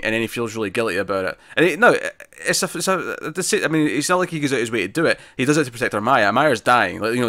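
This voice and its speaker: A man's voice: medium pitch, sharp tone, dry recording, clean studio sound. A man co-hosting a podcast, chatting casually about TV episodes and rambling with frequent restarts. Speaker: podcast co-host. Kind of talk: casual TV review chat.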